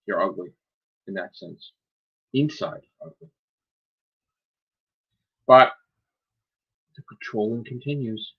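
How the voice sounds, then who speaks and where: A man's voice: lowish voice, lively intonation, takes it slowly, pauses often, breathy edge, highs cut off. A man hosting his own live stream, ranting in a heated, profane, scolding way. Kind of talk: angry live-stream rant.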